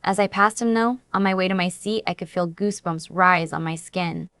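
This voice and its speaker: A woman's voice: fairly low pitch, moderate pace, fairly bright tone, clear, resonant tone, no echo. A woman reading a first-person romance story aloud in an earnest, dramatic storytelling manner. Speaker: audiobook narrator.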